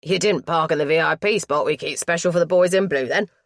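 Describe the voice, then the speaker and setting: A woman's voice: low-pitched, fairly quick, no room sound, clean studio sound. A woman voicing a cheery, chatty young male mortuary assistant with a strong Cockney accent. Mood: cheeky banter. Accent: East London (Cockney). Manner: cheeky, loud, drops into thick slang.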